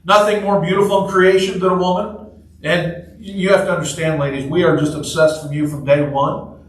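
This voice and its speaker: At a moderate pace and with fairly even intonation, a man whose voice sits high preaches a relaxed, joking sermon. The pastor tells stories and asks his congregation questions in a chatty way. He sounds distant in an echoey church sanctuary with slight background noise.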